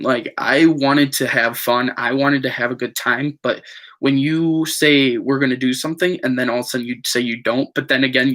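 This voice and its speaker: A man's voice: mid-range voice, fairly bright tone. A young man casually recounting a falling-out with friends to his viewers, rambling with lots of fillers and repetition. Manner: rambling, frequent fillers and repeats. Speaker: vlogger. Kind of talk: casual storytelling to camera.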